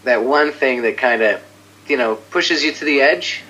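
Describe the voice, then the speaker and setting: A man speaking as an interview guest in casual chat, rambling and excitable, often trailing off and restarting, with a self-mocking chuckle. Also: mid-range voice, normal speed, low-quality recording.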